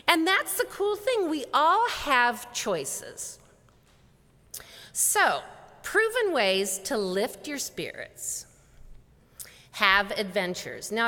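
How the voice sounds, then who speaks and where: A woman giving a conference keynote, telling lively stories and acting out both sides of conversations. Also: sits high. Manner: animated storyteller acting out dialogue. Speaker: conference speaker. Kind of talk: motivational keynote talk. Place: large conference hall. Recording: long reverb of a large hall.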